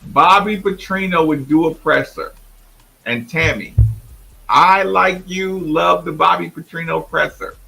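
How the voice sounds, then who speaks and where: A man hosting a sports talk show, emphatic and animated, often imitating others. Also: on the high side, a little slow, gravelly, rough recording. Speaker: host.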